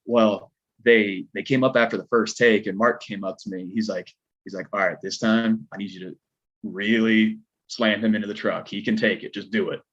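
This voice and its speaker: A man with a low, husky voice and a Southern American twang tells a story in a loose, rambling way, leaning on filler words. The audio is dull and lo-fi, like a home podcast setup. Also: steady tone, moderate pace. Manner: laid-back, rambling, lots of filler words. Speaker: podcast guest, stuntman. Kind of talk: casual storytelling chat.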